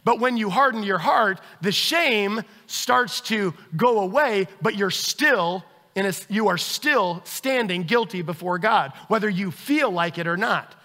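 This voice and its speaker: A man's voice: sits high, unhurried, few pauses, bright, forceful tone, long reverb tail. A man preaching a sermon as pastor, acting out everyday scenes with quoted voices.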